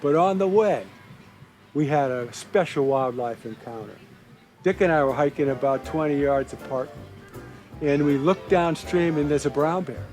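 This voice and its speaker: A man's voice: on the high side, normal speed, darkish tone, faint music behind, low-quality recording. An older man who worked for a state park, telling a story in a documentary interview and acting out the quotes.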